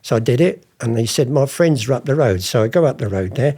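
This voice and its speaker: A man's voice: mid-range voice, fast, breathy edge. An older man, telling rambling stories as an interview guest. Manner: rambling, animated anecdotes with acted quotes. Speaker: interviewee, art forger. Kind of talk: casual storytelling.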